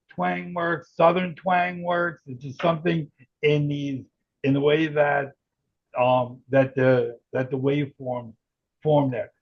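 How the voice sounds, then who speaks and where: Gravelly man explaining, dull lo-fi sound. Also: mid-range voice. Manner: loose, rambling explaining. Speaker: guest, tech founder. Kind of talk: casual interview explanation.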